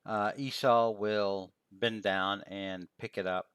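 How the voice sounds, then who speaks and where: A man playing a tabletop role-playing game, laid-back and quiet, describing his character's actions in third person. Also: fairly low pitch, steady tone, slow pace, clear, resonant tone, no echo. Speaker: player.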